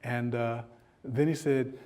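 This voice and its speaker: A man at a lecture room podium, delivering a keynote with humor. He slips into a storyteller's voice with lifted pitch to act out dialogue. His relaxed, self-mocking delivery is dotted with fillers. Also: slow, slight background noise. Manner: animated, acts out dialogue in a story with rising pitch. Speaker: keynote speaker.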